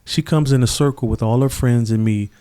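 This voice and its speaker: A middle-aged man speaks with a warm, mellow tone at an ordinary pitch. He talks earnestly and reflectively in a relaxed interview conversation, sometimes slipping into the voices of people he quotes. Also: brisk, clean tone. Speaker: podcast guest.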